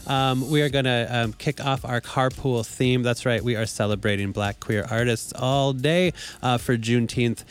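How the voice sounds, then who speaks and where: A man's voice: mid-range voice, steady tone, smooth, soft background music. A man in his forties hosting a community radio show, talking casually with lots of fillers. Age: 40s. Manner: warm, halting, many fillers. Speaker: radio host.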